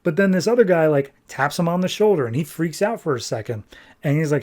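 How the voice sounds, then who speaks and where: A man hosting a comics podcast, recapping an issue in a casual, animated way and nitpicking its mistakes. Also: on the high side. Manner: animated, exasperated nitpicking, quick paraphrased dialogue. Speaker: podcast host reviewing comics.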